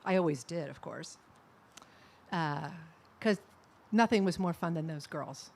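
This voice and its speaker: A middle-aged woman giving a personal eulogy at a memorial service, telling fond anecdotes with soft laughs. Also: low-pitched, unhurried, gravelly.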